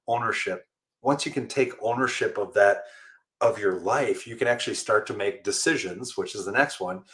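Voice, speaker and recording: A middle-aged man, a firefighter and motivational speaker, answering interview questions with animated stories and frequent laughter. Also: lowish voice. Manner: animated storyteller, laughs often, acts out quoted voices.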